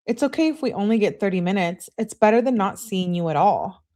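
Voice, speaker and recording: Woman doing a needy young girlfriend's texts, raised pitch, begging. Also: lively intonation, brisk, warm tone, natural voice. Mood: pleading. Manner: pleading, begging. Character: clingy young woman pleading by text.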